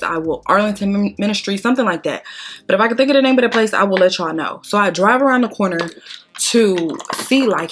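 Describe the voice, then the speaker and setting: A beauty vlogger with a lowish, fairly bright voice talks casually while doing her makeup. She tells her story bluntly, with strong emotion and plenty of cursing.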